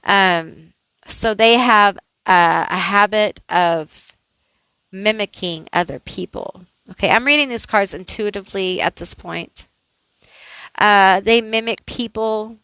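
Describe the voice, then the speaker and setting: A woman's voice: mid-range voice, slow pace, bright, forceful tone, clean tone, dry recording, rough recording. A woman doing a casual tarot card reading, thinking aloud in a chatty way with many fillers. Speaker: tarot reader.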